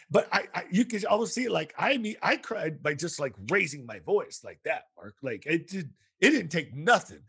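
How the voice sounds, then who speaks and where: A man's voice: fairly high pitch, brisk, vocal fry, few pauses, slightly rough. A man hosting a podcast, chatting casually with a guest and telling stories full of acted-out quotes. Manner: animated storytelling with quoted voices. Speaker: podcast host, school counselor.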